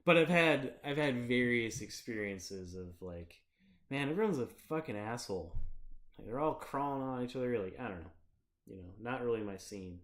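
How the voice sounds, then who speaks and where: A man's voice: mid-range voice, expressive, moderate pace, fairly bright tone. A young man from Michigan chatting casually on his livestream, rambling through stories and laughing often. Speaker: streamer.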